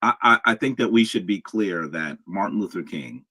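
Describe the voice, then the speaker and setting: Lively-voiced man hosting a live stream. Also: sits low, slightly rough, dry recording. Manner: measured, lecturing, addresses chat. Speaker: show host.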